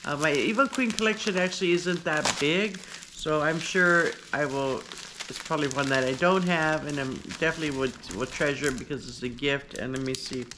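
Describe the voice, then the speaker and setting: A woman's voice: sits low, moderate pace, background noise. A woman vlogger chatting casually as she unboxes gifts, gushing and rambling with lots of fillers.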